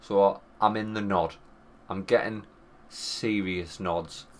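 A man in his thirties with a Northern English accent, co-hosting a podcast and telling a swearing, animated anecdote with quoted voices. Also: on the low side, slow pace. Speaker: podcast co-host. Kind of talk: casual storytelling chat.

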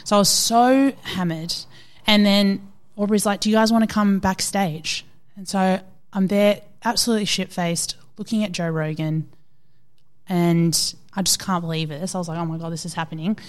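An Australian woman in her thirties, a fitness coach telling stories in a casual interview, animated and quick to quote people. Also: medium pitch.

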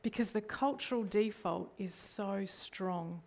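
Slow and somewhat dark in tone, with vocal fry, a middle-aged Australian woman gives an earnest sermon as a church leader at an ordinary female pitch. Rhetorical questions to the congregation are a frequent feature.

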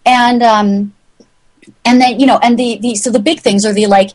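Speaking at a normal pace with fairly even intonation and a darkish tone, this middle-aged woman is a magazine founder guesting on an interview. Chatty and rambling, she voices the characters in her story with big pitch jumps, captured on a rough recording.

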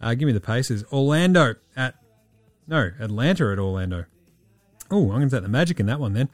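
A man hosting a podcast in casual sports chat, breezy and profane as he rattles off quick-fire picks. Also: mid-range voice, expressive, no echo. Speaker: podcast host.

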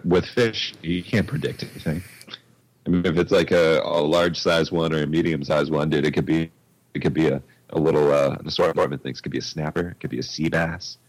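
Very deep husky-voiced laid-back man. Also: fairly even intonation, brisk, poor audio. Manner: laid-back, swears and says bro a lot. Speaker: podcast co-host. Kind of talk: casual chat. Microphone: headphones on a remote call.

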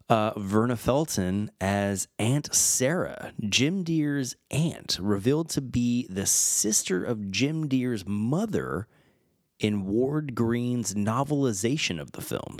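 A man's voice: fairly low pitch, no room sound, studio quality. A man in his thirties hosting a podcast, reading film trivia aloud in a wry, chatty way and stumbling over names. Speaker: podcast host.

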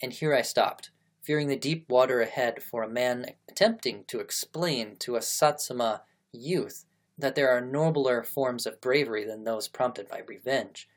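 A man's voice: mid-range voice, moderate pace. Man, reading aloud, chatty asides, explains terms, casual host. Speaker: reader and host.

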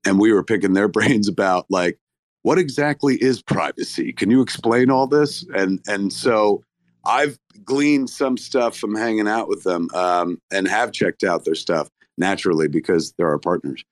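A man's voice: fairly low pitch, normal speed, no room sound. A man chatting casually as a guest on a live online audio room, effusive and profane, talking in bursts with restarts. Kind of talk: casual chat.

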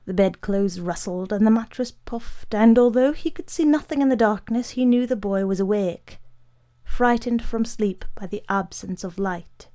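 A woman narrating a literary short story in a measured, unhurried way. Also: medium pitch, warm tone.

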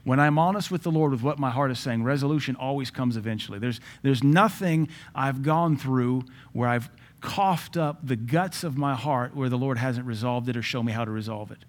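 A middle-aged man, a pastor preaching a sermon in a lively way, acting out quoted voices and adding joking asides. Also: medium pitch, moderate pace. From Southern US.

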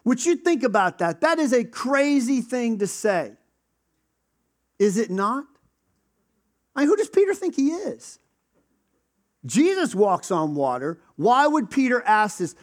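A man with a high voice preaches a sermon. His delivery is conversational, and he breaks into quick acted voices for the people in the stories he tells. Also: big pitch swings. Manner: conversational, acts out quoted voices. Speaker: pastor.

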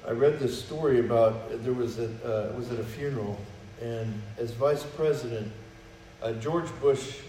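A man with a mellow, mid-range voice preaches a conversational sermon in church, acting out quoted prayers and dialogue. The pastor is miked from a distance, so there's roomy echo and a bit of faint noise.

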